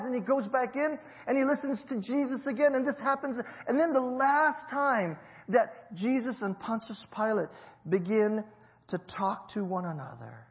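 Pastor, male, high voice, storytelling sermon, dull lo-fi audio. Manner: storytelling preacher, swings between loud emphasis and low quiet.

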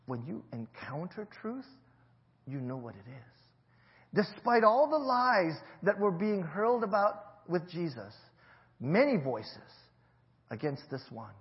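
Pastor, male, high voice, storytelling sermon, dull lo-fi audio. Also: sing-song, slow pace, long pauses. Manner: storytelling preacher, swings between loud emphasis and low quiet.

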